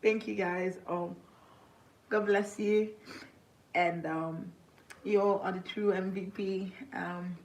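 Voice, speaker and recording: A woman's voice: medium pitch, steady tone, a little mellow, low-quality recording. Tearful young woman livestreaming. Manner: tearful, halting, grateful. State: crying. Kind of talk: emotional livestream to viewers.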